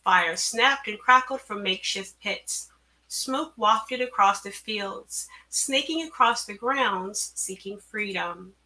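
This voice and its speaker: A woman author reading her own story aloud, measured and careful, at an online event through a computer mic. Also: mid-range voice, bright, forceful tone. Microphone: computer mic on a video call.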